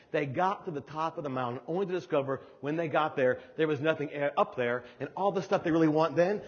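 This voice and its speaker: An older man giving a motivational keynote speech, telling stories with emphatic repetition. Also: high voice. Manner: animated storytelling, emphatic repetition. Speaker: keynote speaker. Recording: dull sound with long hall reverb.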